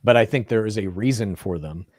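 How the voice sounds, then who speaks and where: A man's voice: fairly low pitch, fairly quick, darkish tone, no echo. Casual young man, dry close sound. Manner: loose, swearing, jokey asides. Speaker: podcast co-host. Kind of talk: casual chat reading viewer comments.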